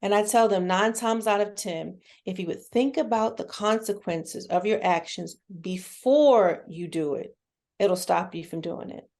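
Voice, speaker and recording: A woman's voice: mid-range voice, measured pace, a little mellow. Candid woman therapist talking casually. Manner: candid, earnest, folksy, with repeated restarts. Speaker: children's therapist, guest. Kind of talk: casual conversational interview.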